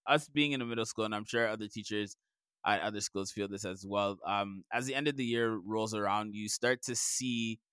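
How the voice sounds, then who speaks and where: A man's voice: moderate pace, fairly bright tone, clear, resonant tone, no echo, clean studio sound. A young man co-hosting a teacher podcast, telling classroom stories in casual chat. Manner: storytelling, acts out students in a high voice. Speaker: podcast co-host, middle school teacher.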